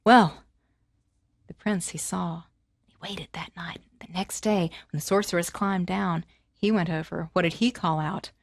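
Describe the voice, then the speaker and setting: A woman telling a fairy tale to children, animated and inviting the listeners to join in the actions. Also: on the low side, measured pace, gravelly, no echo, studio quality. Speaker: storyteller.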